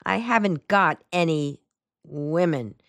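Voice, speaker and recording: A woman's voice: fairly low pitch, a little slow, no room sound, natural voice. Woman voicing a young soldier man, earnest, terse, clipped, dry close sound.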